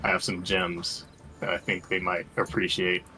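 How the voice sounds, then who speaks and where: A man's voice: sits low, completely flat delivery, moderate pace, bright, forceful tone, slight background noise. A man playing a tabletop game, partly in character, polite and laughing often. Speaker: player.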